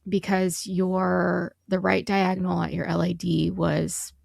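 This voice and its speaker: A woman's voice: fairly low pitch, little pitch movement, a little slow, vocal fry, darkish tone, no echo, clean studio sound. A middle-aged woman co-hosting a podcast, telling an emotional family story with lots of quoted dialogue. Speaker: podcast co-host. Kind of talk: conversational storytelling.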